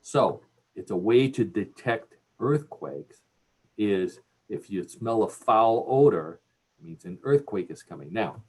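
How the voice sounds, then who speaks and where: A man's voice: on the low side, animated, unhurried, slightly rough. A man with a Cleveland accent hosting a radio show, joking and laughing at his own jokes. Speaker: radio host. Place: radio studio.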